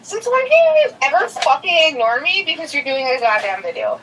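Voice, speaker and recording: A woman rants with loud, exaggerated profanity, her high voice leaping up and down. She comes through a phone on speaker, sounding a little distant. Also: sing-song, brisk, background noise. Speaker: caller, host's youngest daughter. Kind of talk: comic angry rant on a phone call.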